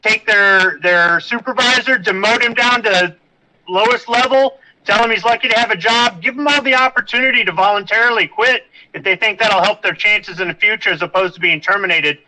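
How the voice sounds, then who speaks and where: Co-host: man, high, very bright and forceful tone, curt indignant opinions. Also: a little fast, low-quality recording. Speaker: podcast co-host. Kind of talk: casual opinion chat.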